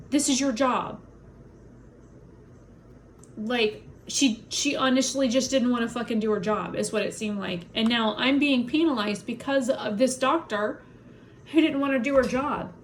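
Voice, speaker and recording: A woman's voice: fairly high pitch, unhurried, a little hiss or hum. A woman vlogger in an angry personal rant to camera, swearing heavily and blunt, upset and in pain from a migraine. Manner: heavy swearing, blunt and indignant.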